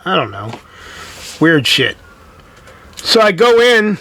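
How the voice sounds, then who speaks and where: A man's voice: sits high, very animated, slow, pushed and bright, a little hiss or hum. A young man telling a rambling, exasperated story in casual profane vlog style. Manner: rambling, exasperated, swears a lot. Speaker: storytelling vlogger.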